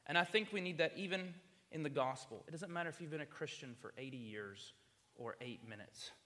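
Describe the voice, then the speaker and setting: Bright-voiced preacher, chatty. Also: male voice, fairly high pitch, lively intonation, brisk, big-room sound. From South Carolina, US. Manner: chatty, humorous storytelling. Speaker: campus minister. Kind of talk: sermon.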